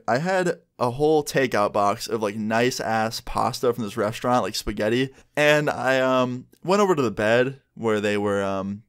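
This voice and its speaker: A young man in his twenties, chatty and candid, casually swearing as he tells a storytime vlog. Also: medium pitch. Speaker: vlogger.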